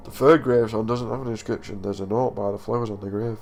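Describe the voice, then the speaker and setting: A man's voice: lowish voice, fairly even intonation, fast, hardly any pauses, darkish tone, faint music behind. A young man who plays a horror text adventure on his channel, reading the game's text dramatically and breaking off into jokey asides and laughter. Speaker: gaming YouTuber.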